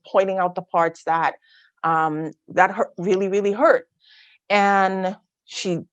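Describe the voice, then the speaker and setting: A woman's voice: on the low side, no echo. A woman giving a candid personal testimony talk on a video call, telling her story with asides to her listeners. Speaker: guest speaker.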